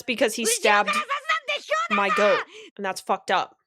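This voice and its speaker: A young woman reacting to anime on a live stream, reading out chat messages and talking casually, swearing and getting excited. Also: mid-range voice, normal speed, loud music behind the voice.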